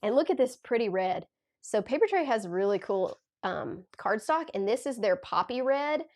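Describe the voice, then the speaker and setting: A woman's voice: a little high, animated, moderate pace, a little mellow. A woman in her forties with a Southern Tennessee accent and a cold, chatting gushingly as a crafting livestream host and reading out viewer comments. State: has a cold. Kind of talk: casual livestream chat while demonstrating card making.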